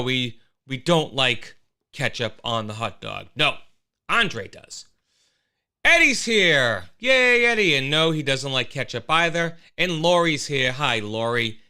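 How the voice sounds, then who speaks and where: A man's voice: on the high side, clear, resonant tone. A man hosting a casual livestream show, talking animatedly and greeting viewers from the chat. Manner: animated, exclaiming, with frequent restarts.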